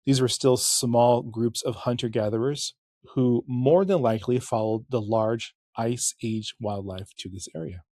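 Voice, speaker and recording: A middle-aged man rambles candidly through a podcast monologue, restarting sentences and correcting himself as he goes. His pitch sits in an ordinary middle range. The sound is dry and close, with no room around it. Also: darkish tone, no room sound. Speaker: podcast host. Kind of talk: casual podcast monologue and history narration.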